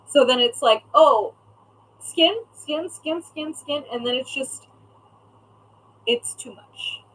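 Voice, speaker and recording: Chatty higher-voiced young woman streaming. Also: slow pace, fairly bright tone, a little hiss or hum, rough recording. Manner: chatty, reads viewer comments aloud, swears casually. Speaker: craft shop owner streaming live. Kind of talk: casual live-stream chat.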